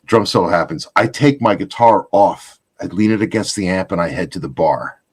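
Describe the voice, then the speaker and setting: A man hosting a casual chat, telling a gig story in an animated way. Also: low-pitched, normal speed, breathy edge. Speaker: podcast host.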